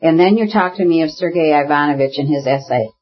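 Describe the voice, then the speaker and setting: A husky-voiced reader voicing a bitter, ailing radical brother who argues heatedly, in an audiobook. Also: mid-range voice, quick pace, muffled recording, lightly acted. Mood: agitated. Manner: heated, argumentative, bursts into shouting.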